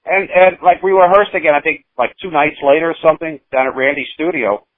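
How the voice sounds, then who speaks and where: A musician in his sixties, being interviewed, tells long rambling stories full of restarts and acted-out quotes in casual storytelling fashion. His voice is fairly high and fairly even in intonation, and he talks quickly. The audio is dry and tinny, like a phone.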